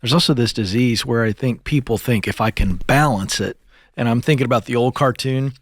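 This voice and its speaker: A man co-hosting a call-in advice show, explaining things in a calm, measured way. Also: mid-range voice, no echo, studio quality. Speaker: co-host. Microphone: studio microphone.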